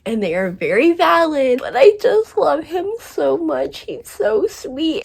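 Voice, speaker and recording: A woman's voice: high voice, sing-song, slow pace, creaky, few pauses. A young woman talking casually and emotionally about a book she is reading, gushing and swearing freely as a book vlogger.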